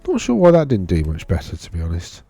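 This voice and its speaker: A man's voice: sits low, huge pitch swings, fast talker, vocal fry, dark tone, husky, no echo. A man casually talking through tournament data on his screen, rambling and correcting himself as he thinks aloud. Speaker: wargaming video host. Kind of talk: casual screen-share commentary.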